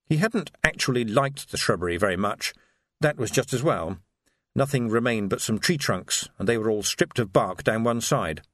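A man reading a novel aloud with a lively, expressive lilt. His voice sits mid-range and the sound is close and dry. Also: medium pitch, normal speed, no echo. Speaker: narrator. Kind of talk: audiobook narration.

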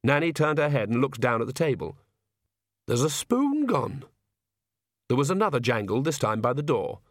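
A man narrating an audiobook in a measured, expressive way. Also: mid-range voice, no echo, clean studio sound.

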